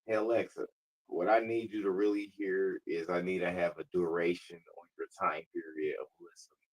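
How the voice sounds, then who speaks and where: A man with a fairly low, husky voice chats casually on a live stream. He is blunt, slangy and profane, and he laughs a lot. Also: flat delivery, low-quality recording. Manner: says he talks fast. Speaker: livestreamer talking to a voice assistant.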